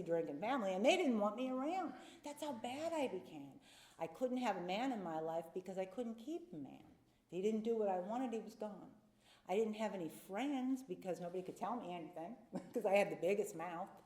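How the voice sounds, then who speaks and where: A woman's voice: mid-range voice, a little mellow, reverberant. A middle-aged woman telling her recovery story at a meeting, candid and confessional, sometimes acting out the voices of people in it. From North Carolina. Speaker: AA speaker. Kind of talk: personal recovery talk from a podium.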